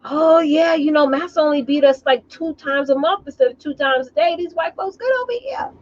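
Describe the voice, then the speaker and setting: A woman's voice: sits high, normal speed, dull audio, voice pushed up, close to an everyday voice. A woman mimicking a meek, fawning older woman in a whiny, quavering voice. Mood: pleading.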